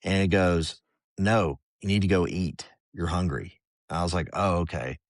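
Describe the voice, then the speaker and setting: As a podcast guest, a middle-aged former Army Ranger talks in a very deep, low register at normal speed. His candid, conversational story wanders loosely, and he acts out the inner voices he heard along the way. The audio is dry and close, with no echo or room behind him.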